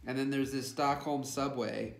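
A man's voice: mid-range voice, steady tone, normal speed, vocal fry. Guy chatting thru a snack unboxing, reads the blurbs, roomy echo. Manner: reads product blurbs and fun facts aloud. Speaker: co-host. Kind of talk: casual snack unboxing chat. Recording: echoey room with music.

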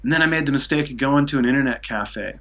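A man's voice: medium pitch, quick pace, a bit bright, muffled recording. A man from Seattle telling a long travel story as a podcast guest, rambling with lots of "like" and "you know". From Seattle, USA. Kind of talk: casual storytelling.

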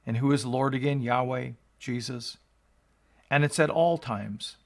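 Gravelly-voiced male pastor teaching scripture. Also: medium pitch, measured pace. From United States. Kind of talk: scripture reading and exposition.

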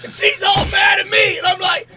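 A man voicing a crude, drunken male redneck advice-giver who rants in loud, vulgar bursts for a comedy call-in show. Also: extremely high pitch, flat delivery, a little fast, faint music behind, exaggerated voice. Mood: rowdy ranting. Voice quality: gravelly shouting rasp. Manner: rowdy, boastful, vulgar rants.

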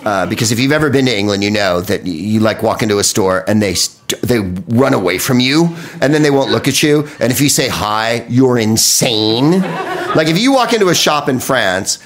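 An American man delivering a profane comedic monologue on a podcast, riffing with quick impressions. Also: mid-range voice, expressive. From United States.

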